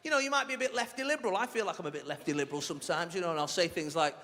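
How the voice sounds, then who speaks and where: A male stand-up comedian doing a set with a cheeky, animated delivery, slipping into silly character voices. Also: high voice, very fast, hardly any pauses, big-room sound. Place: large theatre stage. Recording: live theatre recording with audience laughter.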